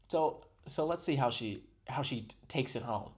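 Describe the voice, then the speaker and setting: A man's voice: medium pitch, lively intonation, normal speed, hardly any pauses. A man giving sarcastic, mock-serious commentary on a video he is playing. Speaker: reaction commentator.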